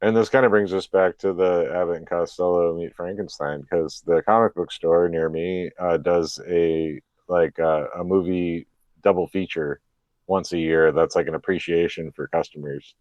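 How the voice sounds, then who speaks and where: A man's voice: deep voice, fairly even intonation, normal speed, a little mellow, dry recording, lo-fi sound. A man who is a guest on a podcast, chatting casually with laid-back, joking asides.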